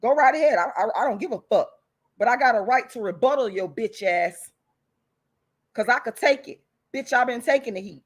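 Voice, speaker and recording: A woman's voice: fairly high pitch, expressive, brisk, husky. A woman hosting her own channel, delivering a heated, profane rant straight to her viewers. She speaks bluntly and defiantly, with angry emphasis and repeated insults. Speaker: channel host.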